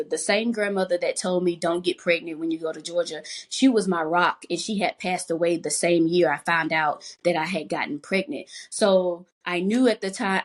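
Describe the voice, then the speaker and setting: A young adult woman, a podcast guest, earnestly telling an emotional personal faith testimony. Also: lowish voice.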